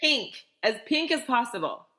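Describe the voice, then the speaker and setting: Earnest higher-voiced woman co-host. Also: very animated, moderate pace, sharp tone. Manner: earnest and emphatic, with repeated restatements. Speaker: podcast co-host. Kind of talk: casual faith-based chat.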